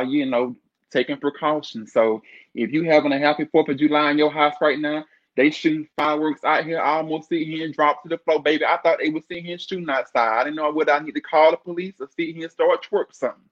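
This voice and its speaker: A man hosting a casual livestream, talking in a sassy, flamboyant way with drawn-out exclamations. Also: fairly high pitch. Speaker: livestream host. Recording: dull lo-fi stream audio.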